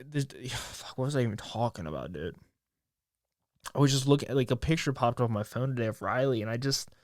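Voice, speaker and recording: A young man in his twenties hosting a solo podcast, talking in a halting, emotional way with many restarts and swearing, choked up and near tears. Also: medium pitch, no room sound, clean studio sound. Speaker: podcast host. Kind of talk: casual solo podcast monologue.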